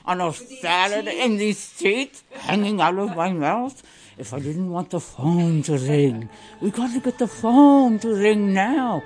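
A woman from Brooklyn putting on a theatrical Transylvanian-Italian vampire voice, pleading slowly and hammily for donations. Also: medium pitch. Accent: put-on Transylvanian-Italian. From Brooklyn, New York. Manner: slow, drawn-out, hammy pleading. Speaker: radio fund drive volunteer.

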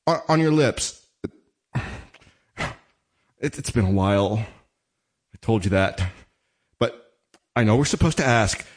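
A man speaking one-sided dramatic monologues, halting and stammering with nervous restarts. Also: a little high.

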